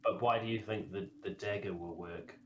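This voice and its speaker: Low-voiced, measured man, faint noise behind. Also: fairly even intonation. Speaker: player. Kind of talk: casual tabletop game chat.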